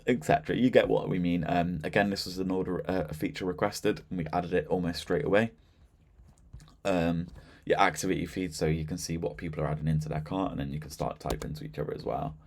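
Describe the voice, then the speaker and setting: A man with a notably deep, low-pitched voice talks through a software demo in an easy, conversational way. He fills gaps with "um" and "so yeah" and never sounds scripted. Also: fast talker, vocal fry, a little hiss or hum. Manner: relaxed and chatty, with frequent fillers and "so yeah". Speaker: software demonstrator. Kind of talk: casual screen-share product walkthrough.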